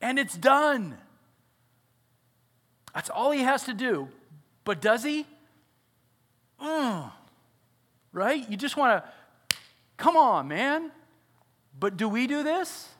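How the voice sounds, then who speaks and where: A man's voice: very high voice, sing-song, takes it slowly, long pauses, a bit bright. A father and pastor preaching a sermon, earnest and often asking his listeners questions. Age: adult father. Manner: earnest, asks the audience questions.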